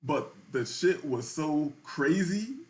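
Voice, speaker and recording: A man's voice: fairly high pitch, animated, slow pace, darkish tone. Laid-back man telling a slangy story. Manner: loose and slangy, keeps asking "you feel me". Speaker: podcast host. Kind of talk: casual storytelling.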